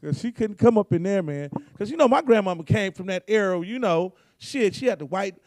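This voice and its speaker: A man tells profane comedy stories in a high, gravelly, hoarse voice. He keeps it laid-back and acts out the people he quotes. The recording is dry and close. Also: expressive, a little fast, a little mellow, no room sound. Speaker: guest comedian. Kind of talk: storytelling comedy.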